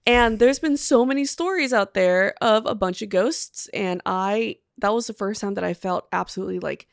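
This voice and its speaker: Young woman, podcast co-host, casual chat, gravelly fry, dry close sound, swears freely. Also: mid-range voice, normal speed, no room sound. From half Japanese. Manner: laid-back, swears freely, lots of agreeing murmurs.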